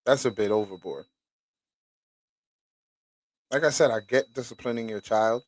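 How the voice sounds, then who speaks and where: A man at middle pitch talks to his podcast listeners in a loose, blunt, profane way. The sound is close and dry, with no room echo. He reads a document aloud and stops often for asides. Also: a little slow. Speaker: podcast host. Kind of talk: casual podcast commentary, reading a document aloud.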